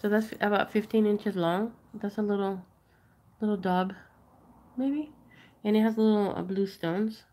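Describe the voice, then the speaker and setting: A woman's voice: mid-range voice, fairly even intonation, unhurried, pauses often, mellow. A woman chatting casually while she shows and prices jewelry on a live sale stream. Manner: chatty, rambling, showing items up close. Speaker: online jewelry seller.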